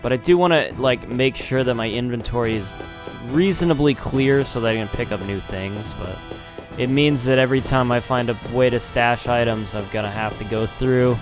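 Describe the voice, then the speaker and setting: A man's voice: medium pitch, moderate pace, music in the background. A man commenting casually on his gameplay, rambling and swearing, laughing at himself, a little tipsy. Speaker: let's play gamer.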